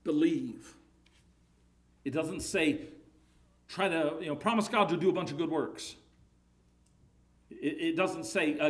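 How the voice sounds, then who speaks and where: A man's voice: fairly high pitch, a little slow, pauses often. A man preaching a sermon, emphatic, his voice rising and falling in volume, often repeating words.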